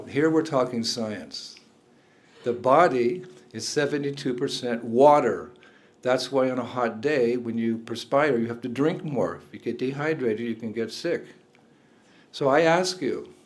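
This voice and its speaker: An older man, a spiritual teacher, giving a talk indoors to a room of listeners, chuckling often and asking them questions. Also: medium pitch.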